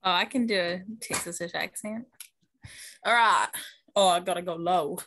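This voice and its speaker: A woman's voice: lowish voice, normal speed, bright, forceful tone, slight background noise. A woman guest in a casual interview, playful and self-deprecating, laughing often as she tries impressions. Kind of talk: casual chat, improvised impressions.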